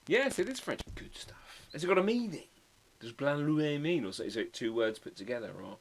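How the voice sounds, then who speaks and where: A man hosting a casual livestream, chatting with viewers and reading their comments while he draws, often muttering quiet asides. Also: a little high, lively intonation, fairly quick. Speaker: livestream host drawing a card. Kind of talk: casual live-stream chat.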